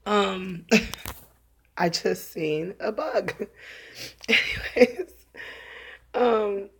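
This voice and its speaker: A woman who talks in a rambling, earnest way, laughing often and filling pauses, as she tells viewers of her religious video channel about her day. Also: mid-range voice, gravelly, husky. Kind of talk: casual spoken testimony to camera.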